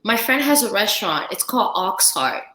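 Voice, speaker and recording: Lively woman telling a story in an echoey room. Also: medium pitch, moderate pace, a little hiss or hum. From Central Africa. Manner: animated storyteller, acts out dialogue, frequent "like". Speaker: chef, podcast guest. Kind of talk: casual storytelling chat. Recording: roomy, echoey podcast room.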